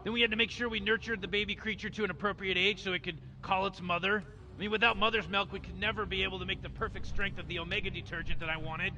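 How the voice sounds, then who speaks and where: A man voicing Rick, a careless old mad scientist who rambles through his plans and brushes off worries, as a fan impression over gameplay. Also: sits high. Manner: rambling, dismissive.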